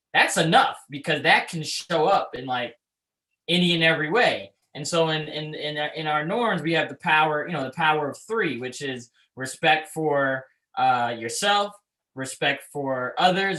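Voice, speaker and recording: Male school leader, bright tone, chatty, explains with examples. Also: fairly high pitch, expressive, normal speed, rough recording. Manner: conversational, many fillers and restarts, explains with examples. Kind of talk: casual leadership chat.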